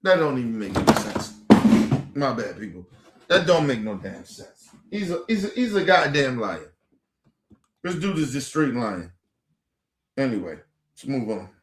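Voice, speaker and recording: A man's voice: medium pitch, unhurried, pauses often, echoey room. A man giving heated, profane commentary as a streaming host, repeating points with rising exasperation. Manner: profane, animated, repetitive.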